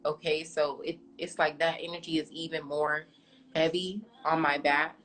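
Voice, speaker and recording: A woman's voice: low-pitched, little pitch movement, normal speed, fairly bright tone, a little hiss or hum, rough recording. A woman in her twenties, an astrologer talking openly and confidingly to her live-stream viewers, calling them "y'all". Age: 20s.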